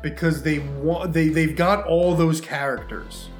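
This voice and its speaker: A man's voice: fairly high pitch, steady tone, measured pace. A man co-hosting a podcast in casual, rambling chat, with many fillers. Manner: rambling, chatty, lots of fillers. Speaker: podcast co-host. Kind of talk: casual chat about movies and games. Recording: echoey room with faint music.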